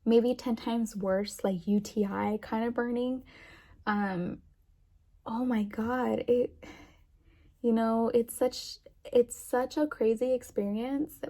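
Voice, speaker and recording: A woman's voice: on the high side, dark tone. A young woman chatting to camera in a rambling way with lots of fillers, emotional and near tears. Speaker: vlogger. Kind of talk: casual chat to camera.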